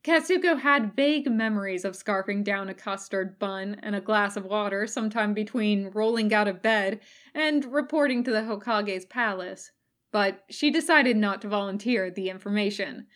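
A woman reading fan fiction aloud as a recorded podfic, in calm, even narration. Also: medium pitch, normal speed. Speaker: podfic reader.

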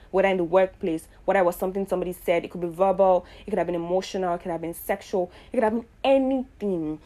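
A woman from Nigeria hosting her own show, talking in a casual, earnest and reflective monologue full of fillers and pauses. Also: medium pitch, mellow. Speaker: podcast host.

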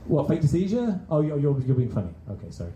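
Male stand-up, raunchy and self-mocking, lively pitch, echoey small venue. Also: fast talker, muffled recording, a little hiss or hum. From England. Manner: rambling, self-deprecating, crude, talks back to a small audience. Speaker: stand-up comedian. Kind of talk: stand-up comedy set. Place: small comedy venue with few people.

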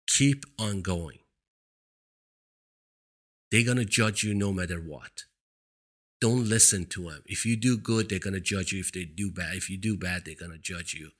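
Talk show host, male, non-native English with an accent; slightly low, husky voice; earnest, emphatic motivational delivery. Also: moderate pace, long pauses, fairly bright tone. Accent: foreign. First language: not English. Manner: earnest, emphatic, repeats points for stress. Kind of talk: motivational monologue. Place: seated indoors. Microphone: studio microphone.

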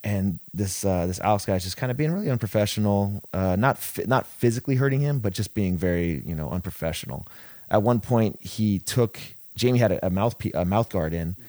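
Deep-voiced man telling a rambling story. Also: dark tone, no room sound. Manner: rambling, profane, many restarts. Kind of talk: casual podcast storytelling.

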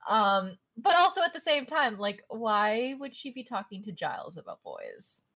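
A woman's voice: medium pitch, wildly swooping pitch, moderate pace, fairly bright tone. A woman co-hosting a podcast, chatting casually about a TV show, musing and hedging with filler words. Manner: musing, hedging with "like" and "I don't know". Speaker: podcast co-host. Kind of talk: casual commentary.

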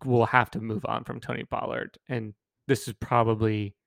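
A goofy, upbeat man co-hosting a casual sports podcast, eager to play along with silly bits. His voice has a gravelly, fry-laden texture. The sound is close and dry. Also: mid-range voice, level tone, moderate pace, a bit bright, no room sound. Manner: playful, goofy, pushes bits. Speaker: podcast co-host.

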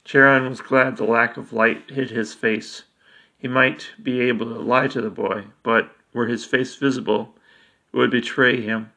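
A man narrates a dark story with a bright, forceful voice. He reads in a steady, measured way, line by line. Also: mid-range voice. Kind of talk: dramatic story reading.

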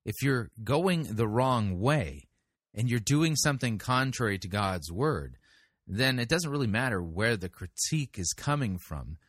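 A man's voice: mid-range voice, very animated, unhurried, no room sound, studio quality. A man commenting on a sermon clip, sarcastic and pointed, firing rhetorical questions. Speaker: podcast critic, sermon reviewer.

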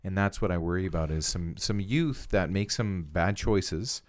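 A man's voice: low voice, moderate pace. A man co-hosting a podcast in casual political chat, rambling and often repeating words as he starts sentences. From Canada. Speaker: podcast co-host.

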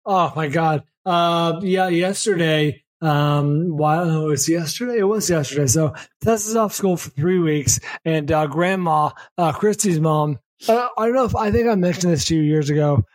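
A man's voice: a little high, moderate pace, hardly any pauses, no room sound. A man co-hosting a podcast, chatting casually with dry remarks and the odd search for a word. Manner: easygoing, dry remarks, some fumbling for words. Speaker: podcast co-host. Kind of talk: casual chat.

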